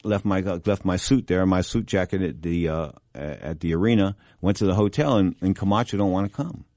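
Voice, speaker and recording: A middle-aged man hosting a boxing talk show, telling rambling stories full of restarts and asides, and jumping up in pitch for emphasis. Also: fairly quick, a little mellow, dry recording, studio quality. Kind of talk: casual anecdotal storytelling.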